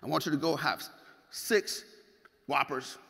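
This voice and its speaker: A man voicing a laid-back male bodybuilding coach with a Mississippi accent and a low drawl. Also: a little slow, creaky, fairly bright tone, heavily acted. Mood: coaxing. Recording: hall with long reverb.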